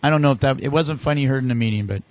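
A man telling animated anecdotes in casual chat, acting out the voices of people in his stories. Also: mid-range voice, racing. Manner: animated anecdotes with acted-out quotes.

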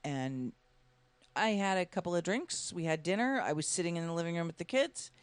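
A woman's voice: lowish voice, expressive, fairly quick, clear, resonant tone, no echo. A woman sharing a personal story in a casual conversation, laughing often as she talks.

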